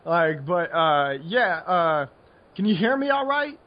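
American male podcast co-host, higher pitch, tired and loose, slightly dull lo-fi sound. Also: very animated, slow. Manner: rambling, filler-heavy, laid-back. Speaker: podcast co-host, poker coach. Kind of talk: casual podcast chat.

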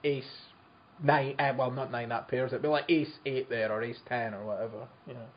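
A man co-hosting a casual poker chat, reading listener questions and thinking aloud haltingly. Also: mid-range voice, steady tone, dull audio.

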